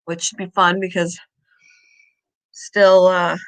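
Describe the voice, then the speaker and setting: A middle-aged woman hosting a casual pet live stream, chatty and out of breath, calling to her pets in a high voice. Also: flat delivery, slow, rough recording. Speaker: pet channel host.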